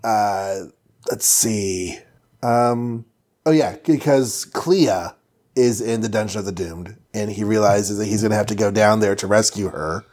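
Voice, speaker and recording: A man on a casual podcast, retelling a comic book plot in a jokey way and dropping into quick silly voices. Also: fairly low pitch, darkish tone.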